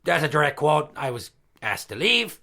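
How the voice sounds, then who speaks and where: A man's voice: fairly high pitch, very animated, normal speed, creaky, bright, forceful tone, exaggerated voice. A man voicing a crude, boastful male pirate party entertainer who tells profane stories in a comedy podcast skit. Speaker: regular character.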